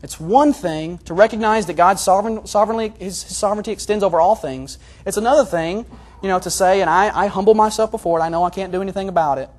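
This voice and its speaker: A man preaching a sermon in an earnest, confessional way, moving between hushed and loud passages. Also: sits high, fast talker. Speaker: pastor.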